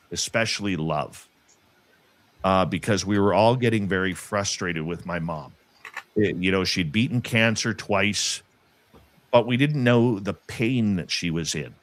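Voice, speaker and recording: A man with a fairly low voice tells a personal story in an earnest, halting way, often breaking off and starting his sentences again. The sound is dry and close. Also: fairly bright tone, no room sound. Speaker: guest telling a personal paranormal story. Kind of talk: casual storytelling.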